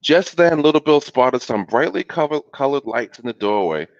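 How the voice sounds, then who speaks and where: A man reading a children's storybook aloud live over a video call, animated and laughing. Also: medium pitch, normal speed, no room sound. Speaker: guest reader. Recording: dull lo-fi video call audio.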